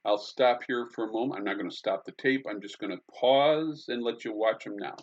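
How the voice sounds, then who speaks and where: A man teaching a recorded conducting lesson, talking in a halting way with many fillers and humming out the beats. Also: fairly low pitch. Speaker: music instructor. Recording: dull lo-fi lecture recording.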